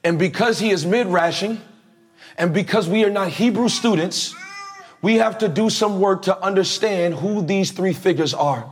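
A male preacher with a very high voice delivers a lively sermon in a church. He talks straight to his congregation, asking them to answer back and raise their hands. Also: normal speed, faint music behind. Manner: energetic, preaching with calls to the congregation.

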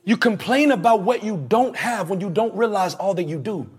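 Slangy preacher guy, kinda husky voice, real animated, has the crowd repeat words back. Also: sits high, moderate pace. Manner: animated, slangy, leads call-and-response. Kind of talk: conversational sermon.

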